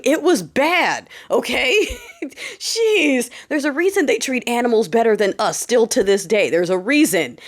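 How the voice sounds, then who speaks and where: A woman hosting a podcast, giving a sassy, sarcastic political monologue and mocking the people she quotes. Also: on the high side. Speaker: podcast host. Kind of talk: casual political commentary monologue.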